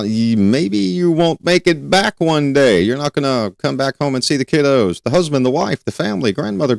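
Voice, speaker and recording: In a dry recording, a male criminal justice educator and show host lectures students aloud with a medium-pitched voice touched by vocal fry. His delivery is emphatic, full of rhetorical questions and repeated key points.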